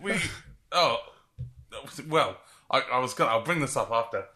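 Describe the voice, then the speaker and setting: A man's voice: mid-range voice, expressive, normal speed, sharp tone. A man, co-hosting a podcast in hesitant, self-interrupting casual chat. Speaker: podcast co-host.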